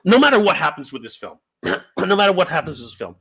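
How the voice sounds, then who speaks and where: A man in his forties hosting a live reaction stream, excited and rambling, stumbling over his words as he reads out viewer comments. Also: fairly high pitch, quick pace, husky. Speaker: YouTube host.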